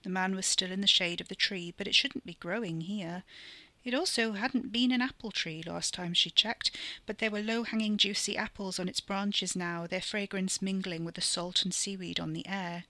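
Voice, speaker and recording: A woman reading her own story aloud as narrator of a podcast, in a steady, expressive way. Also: medium pitch, normal speed, no echo.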